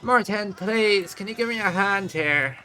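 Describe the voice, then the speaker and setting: A man's voice: high voice, measured pace, slight background noise, voice pushed up. A man voicing a bossy, scolding middle-aged village aunt who barks orders at her family. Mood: exasperated. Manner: sharp, scolding, commanding.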